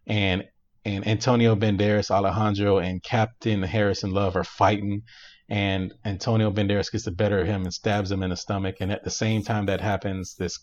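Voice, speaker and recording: Animated man recapping a movie, low voice. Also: a little fast, muffled recording. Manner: animated storyteller, laughs often, many fillers. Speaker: podcast co-host. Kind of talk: casual chat, recapping a movie.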